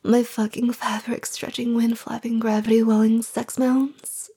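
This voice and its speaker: A woman's voice: fairly high pitch, little pitch movement, mellow. A woman whispering as a sultry seductive woman, whispered role-play. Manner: slow, breathy, teasing whisper.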